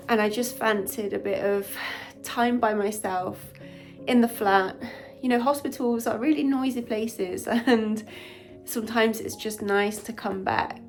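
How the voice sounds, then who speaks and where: A woman, a doctor vlogging in a soft, candid, introspective way. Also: medium pitch, steady tone, measured pace, soft background music. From United Kingdom. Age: 40s. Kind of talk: reflective vlog talk to camera.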